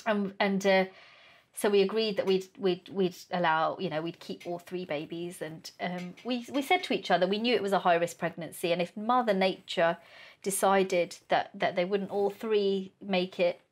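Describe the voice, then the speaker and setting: A woman in her thirties, a podcast guest, telling a personal story with lively acted-out dialogue and frequent laughter. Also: mid-range voice, normal speed. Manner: animated storyteller, acts out quoted dialogue, laughs often.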